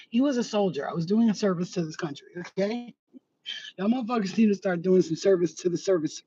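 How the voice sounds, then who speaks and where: A high-pitched, husky man tells bawdy stories in a giggly, flamboyant vlog chat. He sounds a little away from the mic, and the sound is dull and muffled. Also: brisk, mellow, recorded from a distance. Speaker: vlogger. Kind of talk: casual chat to camera.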